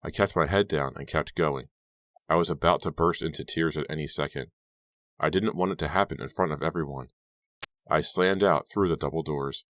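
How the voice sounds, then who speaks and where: Male audiobook narrator, extremely deep, dry close sound, tense telling. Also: moderate pace, a bit bright, no echo. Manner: tense, dramatic storytelling. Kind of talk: scripted first-person narration.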